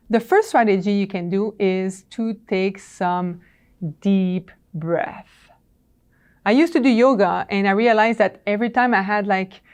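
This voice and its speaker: A woman's voice: medium pitch, a little mellow, clean tone. Woman presenter telling workplace stories. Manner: anecdotal, acts out dialogue, conversational with fillers. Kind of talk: professional training talk.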